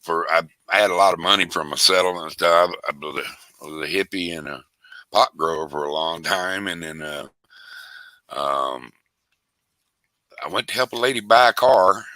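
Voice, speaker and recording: A man's voice: low-pitched, normal speed, pushed and bright, no room sound. An older man telling rambling, folksy, profane stories in a casual interview. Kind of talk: casual storytelling.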